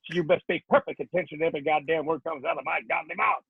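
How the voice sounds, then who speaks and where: A man voicing a foul-mouthed male Marine drill instructor who yells insults in a clipped cadence, heard over a tinny phone-like line. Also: on the high side, rapid-fire, vocal fry, breathy edge, no room sound, exaggerated voice. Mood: barking.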